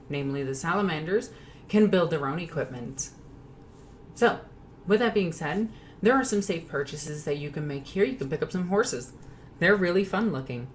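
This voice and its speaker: Lower-voiced woman chatting casually. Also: darkish tone, a little hiss or hum. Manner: chatty, joking, corrects her own slips. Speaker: YouTube host. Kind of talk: casual hobby commentary.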